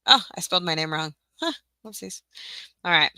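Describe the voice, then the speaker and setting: A woman's voice: deep voice, fairly even intonation, rapid-fire, bright, forceful tone, clear, resonant tone, no room sound. A woman giving a casual screen-share tutorial, chatty and scattered, with frequent ums, self-corrections and muttered asides. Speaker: teacher-seller running a tutorial livestream.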